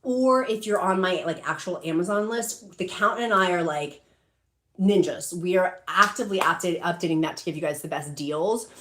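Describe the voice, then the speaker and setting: A woman's voice: lowish voice, normal speed, noisy background. A middle-aged woman hosting a shopping livestream, chatting casually and emotionally as she reads out viewer comments, with many fillers. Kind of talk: casual live-stream chat reading comments.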